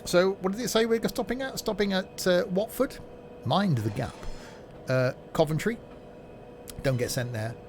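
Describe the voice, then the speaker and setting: Male game streamer, fairly high, chatty and easily exasperated. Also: expressive, slight background noise. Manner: chatty, self-mocking, quick to exasperation. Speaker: streamer playing a train simulator. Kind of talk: casual gameplay commentary.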